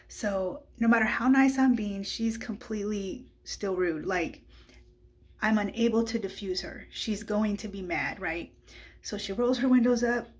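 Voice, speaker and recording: A woman tells a personal faith testimony in a candid, conversational voice. Her pitch sits in the middle of the range. She talks casually and keeps turning to the listener with asides like "right?". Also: breathy edge. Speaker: speaker giving a Christian testimony.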